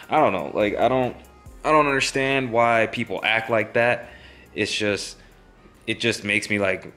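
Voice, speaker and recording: A man's voice: fairly low pitch, sharp tone. A young man vlogging, telling a story in a rambling, casual way with many fillers.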